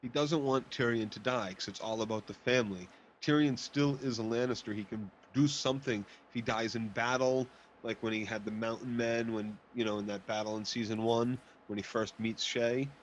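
A man co-hosting a casual recap podcast, voice in a middle pitch. He talks in quick, lively bursts and often cuts in with laughing asides. His sound is muffled and lo-fi, with a faint hiss behind it. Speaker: podcast co-host.

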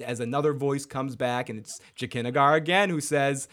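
A man's voice: medium pitch, fairly even intonation, moderate pace, fairly bright tone. A man hosting a live recap show, reading out chat comments and retelling scenes in a loose, rambling way with fillers. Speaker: podcast host.

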